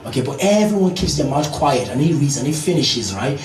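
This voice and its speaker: A man's voice: medium pitch, sing-song, a little fast, darkish tone, distant mic, slight background noise. A man performing a stand-up routine in a comedy club, swearing freely and talking straight to the crowd. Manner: profane, addresses the crowd directly. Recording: roomy club recorded from afar with crowd.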